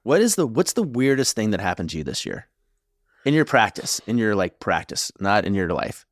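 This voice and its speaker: A middle-aged man, a marriage therapist co-hosting a podcast, talking in a reflective, halting way with many restarts. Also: on the low side, sing-song, no room sound, clean studio sound. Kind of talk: casual conversational podcast chat.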